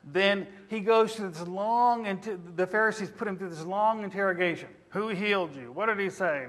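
High-voiced preacher in an echoing hall. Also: male voice, normal speed, few pauses, a bit bright. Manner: interactive, questioning the congregation. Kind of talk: sermon. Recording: reverberant hall.

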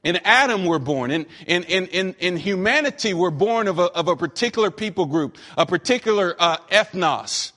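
A man from Western North Carolina preaching a sermon as pastor, emphatic, slowing down for scripture and dropping in joking asides. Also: high voice, animated, pushed and bright. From Western North Carolina, USA. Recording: long hall reverb.

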